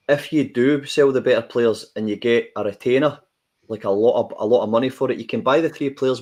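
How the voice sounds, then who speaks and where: Scottish panel guy, jumps in eager, repeats himself a lot, normal pitch. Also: a little mellow. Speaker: podcast panelist. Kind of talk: casual football fan chat.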